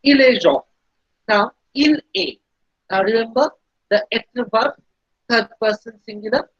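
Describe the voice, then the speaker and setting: A woman teaching a beginner French lesson, explaining slowly and patiently and repeating each phrase. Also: a little high, lively intonation, no echo. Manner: slow, patient explaining with repetition. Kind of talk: recorded language lesson. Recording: dull lo-fi recording.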